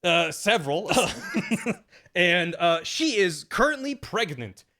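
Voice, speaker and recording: A man on a stream, casually retelling a game's story to friends in a rambling, animated way, dropping into quick voices for the characters. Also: sits high. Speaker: streamer explaining game plots.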